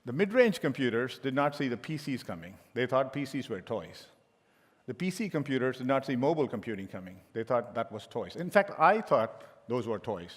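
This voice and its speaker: A man's voice: medium pitch, sing-song, a little fast. A middle-aged man giving a conference keynote as a tech executive, telling joking anecdotes with frequent restarts. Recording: long hall reverb.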